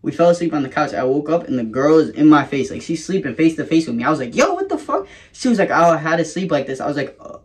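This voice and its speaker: Young man vlogger, casual storyteller, slightly high voice, swears freely. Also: fast, few pauses. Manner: casual, profane, rambling with laughs.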